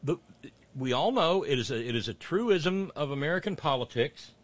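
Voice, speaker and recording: A man's voice: on the high side, animated, normal speed. A man hosting political commentary, mocking clips with sarcastic asides and rising rants.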